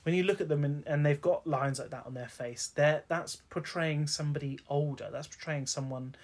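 A man's voice: a little high, steady tone, brisk. A man, chatting casually as a podcast co-host, wandering off on tangents and laughing often. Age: 20s. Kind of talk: casual film review chat.

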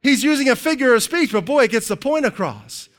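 A middle-aged man preaching a sermon as pastor, conversational and animated, tossing out rhetorical questions. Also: very high voice, fairly quick.

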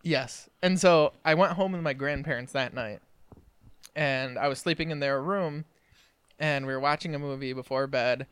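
A young man co-hosting a casual podcast, telling a childhood story with lively acted-out quotes and laughter. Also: medium pitch, moderate pace, clean tone, no echo. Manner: animated storyteller, acts out quoted family voices and laughs through his story. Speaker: podcast co-host.

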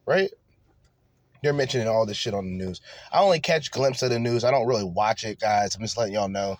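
A man's voice: on the low side, a little fast. A man hosting a reaction commentary show, ranting crudely and mockingly with lots of profanity. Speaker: commentary podcast host.

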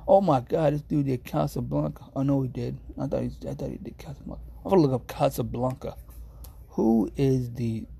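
A man's voice: medium pitch, vocal fry, warm tone, slight background noise. A man chatting casually to his viewers, rambling and easily distracted, full of slang and amused asides. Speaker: streamer reading reviews to viewers. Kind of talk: casual chat.

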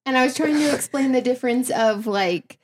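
A woman's voice: sits high, fairly quick. A young woman co-hosting a podcast in casual chat, rambling with lots of fillers as she explains. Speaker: podcast co-host.

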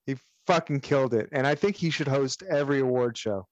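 A man's voice: medium pitch, a little fast, no room sound, highs cut off. A man co-hosting a podcast, chatting casually, rambling and swearing, with strong opinions. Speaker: podcast co-host.

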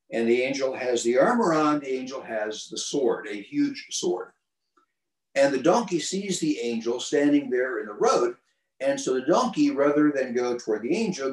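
A man's voice: mid-range voice, darkish tone. A man preaching a sermon, retelling a story in plain, folksy words with frequent restarts, in a church. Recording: roomy hall, distant mic.

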